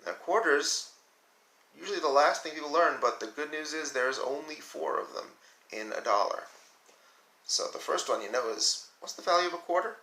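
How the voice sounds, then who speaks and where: A male teacher giving a recorded lesson for young children, patiently counting aloud slowly with his pupils. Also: a little high, expressive, sharp tone, roomy sound, rough recording.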